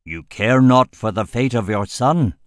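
A man voicing a hulking male shaman mage lord, cold and wrathful, with a low rumbling voice and a formal, growling delivery. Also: expressive, unhurried, dry recording, studio quality, close to an everyday voice. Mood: menacing.

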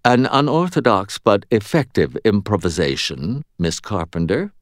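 A man voicing an ancient, smug faerie woman who speaks in a silky purr, in a low, lively voice. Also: moderate pace, no echo, studio quality. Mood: smug approval. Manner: purring, silky.

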